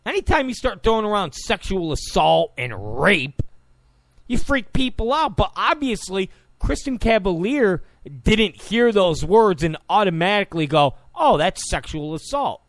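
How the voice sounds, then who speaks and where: A man delivers opinionated talk commentary in a fairly high voice that swoops up and down with lots of expression. He sounds combative and sarcastic. The sound is dry and close, with no room around it. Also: expressive, measured pace, no room sound. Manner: combative, mocks opponents in quoted voices. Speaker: political commentator.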